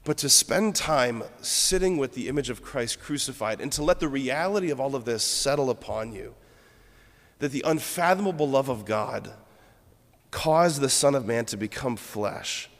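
A man's voice: mid-range voice, lively intonation, moderate pace. A man, a Catholic priest, giving an earnest, reflective homily and weaving in a personal story. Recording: long reverb of a church.

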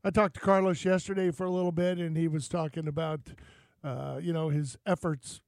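High-voiced man hosting a radio show. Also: flat delivery, brisk, gravelly, a little mellow, no room sound. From Florida. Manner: rambling, joking, fillers between thoughts. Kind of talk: casual talk radio banter.

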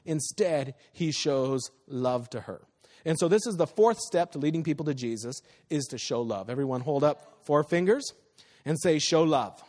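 Storytelling pastor in a reverberant church. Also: male voice, a little high, darkish tone. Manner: conversational preaching, acts out quoted people. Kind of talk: sermon with personal stories. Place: church sanctuary. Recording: long hall reverb.

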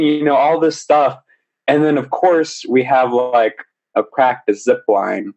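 A young man, a podcast guest, telling a story in a casual, animated way, often laughing. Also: medium pitch, measured pace. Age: young adult. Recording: slightly dull lo-fi recording.

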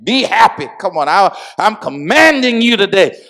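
High-voiced man preaching with call-and-response. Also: very animated, normal speed, sharp tone. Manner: repeats "come on, y'all" and "amen". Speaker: pastor. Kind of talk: sermon.

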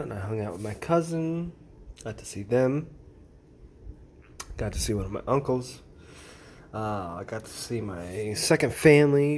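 A man hosting a casual late-night solo podcast, rambling in a relaxed way with jokes and asides. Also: mid-range voice, slight background noise. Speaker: podcast host.

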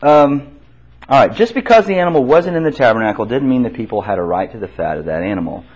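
A man's voice: mid-range voice, expressive, fast, darkish tone, breathy edge. A man teaching an interactive Bible class. He poses questions to the group and repeats their answers back to them. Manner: conversational, with restarts. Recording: dull lo-fi classroom recording.

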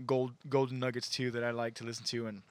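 A man's voice: medium pitch, level tone, fast talker, dry recording. A man hosting a casual chat who keeps things moving and asks the others questions. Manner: upbeat, steers the talk, asks questions. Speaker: podcast host.

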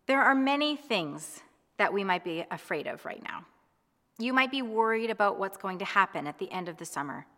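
Gentle woman preaching, echoing reverb. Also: medium pitch, animated, normal speed. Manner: gentle, reassuring, reflective. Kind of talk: devotional sermon.

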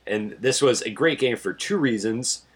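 A man's voice: mid-range voice, expressive, moderate pace, slightly rough. A man from Connecticut co-hosting a casual sports podcast, giving dry, stat-heavy game recaps late at night. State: sleepy. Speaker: podcast co-host.

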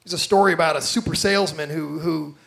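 A male pastor's high voice comes through fast and with vocal fry during a lively sermon. He tells energetic stories, plays out the voices of those he quotes, and questions the congregation directly.

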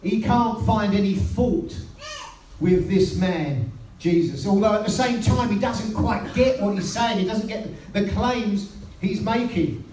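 British man, preacher, sermon, storytelling, mellow high voice, faint room hum. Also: a little slow. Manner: storytelling, quoting scripture in a lowered voice. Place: church hall. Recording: roomy sound from a distance.

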